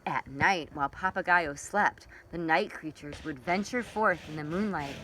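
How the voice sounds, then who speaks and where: A woman librarian reading a children's picture book aloud in an expressive storytelling way. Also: low voice, normal speed, a little hiss or hum, poor audio.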